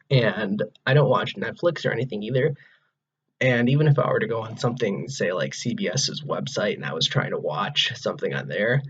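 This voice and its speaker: Husky young American man rambling casually. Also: medium pitch, lo-fi sound. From Wisconsin, USA. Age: 20s. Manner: rambling, many "like"s and restarts. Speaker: vlogger. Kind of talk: casual talk to camera. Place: his own room, indoors.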